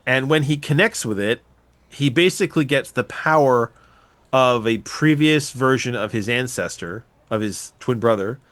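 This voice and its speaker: A man hosting a podcast, casually recapping a movie with lively, profane storytelling. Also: medium pitch, normal speed, no room sound. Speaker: podcast host.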